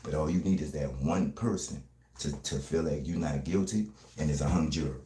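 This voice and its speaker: A man, talking fast and streetwise in a casual livestream chat, often asking "you heard me". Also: extremely low pitch, mellow, roomy sound.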